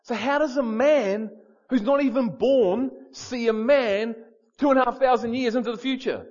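A man preaching a sermon in an animated, storytelling way, repeating words for emphasis. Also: extremely high pitch, moderate pace, muffled recording.

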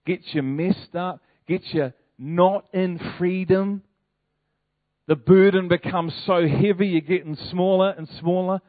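A male pastor preaching a sermon in a lively, conversational way, full of rhetorical questions. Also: high-pitched, a little slow, dry recording. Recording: tinny phone-like, dry sound.

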